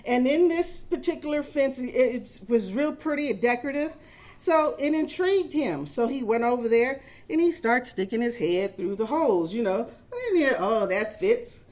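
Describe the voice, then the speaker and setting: A woman's voice: sits high, lively intonation, moderate pace, a little mellow. A middle-aged woman preaching a sermon, telling stories and building emphasis as she speaks. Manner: storytelling with rising emphasis and acted quotes.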